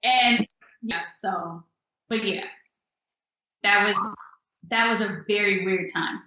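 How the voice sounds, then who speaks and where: A young adult woman, a singer-songwriter, telling stories in a casual interview with an upbeat, animated manner and acted-out quotes. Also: mid-range voice, slow. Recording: echoey room.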